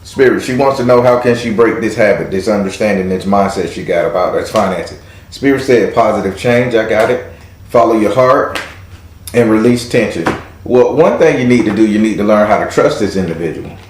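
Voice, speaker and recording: A man's voice: fairly low pitch, fairly quick, echoey room, slight background noise. A man hosting a live tarot reading with a caller, talking in a playful, teasing way with casual slang. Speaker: tarot reader and host.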